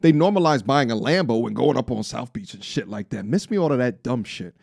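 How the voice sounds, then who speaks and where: A young man in casual podcast chat, playful and animated, slipping into high excited rants. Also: brisk, creaky, no room sound, clean studio sound. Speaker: podcast co-host.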